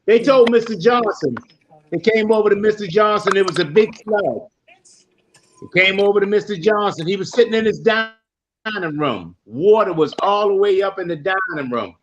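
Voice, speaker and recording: A man with a high voice tells a story like a preacher giving a sermon, with lively, rolling cadences as he hosts a podcast. The audio is dull and lo-fi, like a call recording. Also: normal speed, slight background noise. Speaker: podcast host.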